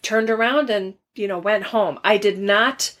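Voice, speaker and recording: A woman's voice: medium pitch, unhurried, a bit bright. A woman co-hosting a podcast, speaking frankly and emphatically in casual chat. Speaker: podcast co-host.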